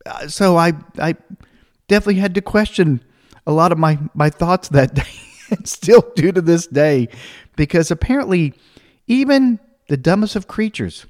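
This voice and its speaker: A man telling a comic personal anecdote, animated, acting out the other people's voices and laughing as he goes. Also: fairly high pitch, moderate pace. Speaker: storyteller.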